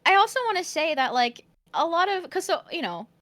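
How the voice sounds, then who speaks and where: Woman guest, casual stream chat, bright voice, giggly and earnest. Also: extremely high pitch, very animated, fairly quick.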